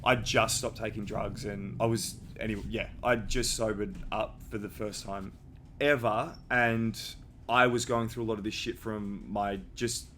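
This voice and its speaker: A man's voice: lowish voice, little pitch movement, normal speed, bright, forceful tone, a little hiss or hum. A young man who hosts a podcast. He tells a personal story in a candid, casual way and swears freely. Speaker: podcast host.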